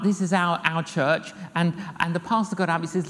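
An older man, preaching a sermon as an evangelist, telling stories lively and acting out the dialogue himself. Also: high voice, moderate pace, few pauses. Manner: lively storyteller acting out dialogue, repeats phrases. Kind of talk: sermon with humorous storytelling. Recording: long hall reverb with faint noise.

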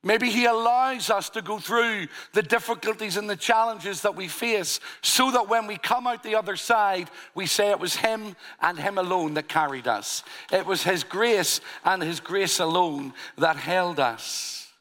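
A man's voice: high-pitched, a little slow, hardly any pauses, sharp tone. A man preaching a sermon, earnest and full of rhetorical questions. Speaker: pastor.

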